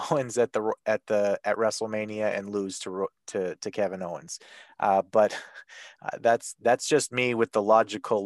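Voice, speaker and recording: Low-voiced male podcast host. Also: no room sound, studio quality. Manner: hesitant, with laughs and restarts. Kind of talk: casual podcast chat.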